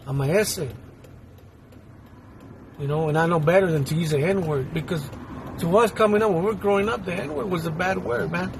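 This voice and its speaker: High-voiced man over traffic noise. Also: moderate pace, creaky, long pauses. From Houston, Texas. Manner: rambling, blunt, streetwise, repeats himself. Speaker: YouTuber reacting to a clip. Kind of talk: casual spoken commentary.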